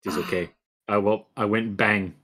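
A man's voice: on the low side, steady tone, moderate pace, fairly bright tone, soft background music. A man co-playing on a game stream, silly and playful, throwing out memes. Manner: silly, meme-spouting, playful. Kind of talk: casual gaming stream chat.

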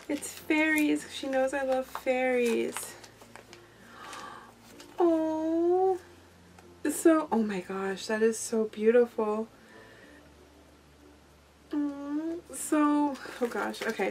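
A woman hosting a craft unboxing vlog, talking in a soft, gushing, effusive way. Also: a little high, vocal fry, a little hiss or hum. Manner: gushing, effusive, frequent gasps and laughs. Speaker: craft channel host.

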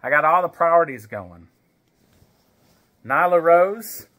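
A man's voice: a little high, animated, takes it slowly, sharp tone. A man casually opening wrestling card packs at home, reading names aloud and chatting to his baby as he goes. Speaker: wrestling card collector vlogger. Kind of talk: casual pack-opening chat.

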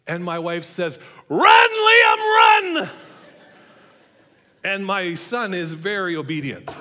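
Middle-aged pastor, bright forceful voice. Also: male voice, high-pitched. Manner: storytelling, drops to a soft hushed voice for emphasis. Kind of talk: sermon. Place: church.

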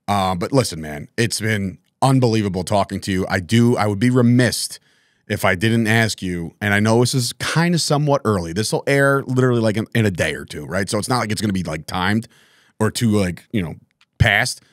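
A man's voice: on the low side, brisk, dry recording, studio quality. A man hosting a podcast interview, talking in a chummy, rambling way with frequent laughs and slang. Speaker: podcast host. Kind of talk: casual interview chat.

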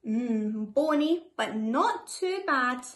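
A woman voicing a greedy, sly big bad wolf in a children's storybook, speaking low and drawn-out. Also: animated, fairly bright tone, full character voice. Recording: echoey room.

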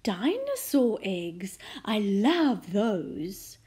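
A woman voicing a cheerful, soothing mother who speaks to her little daughter in a bright, reassuring way. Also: medium pitch, huge pitch swings, drawn-out words, slightly rough, exaggerated voice.

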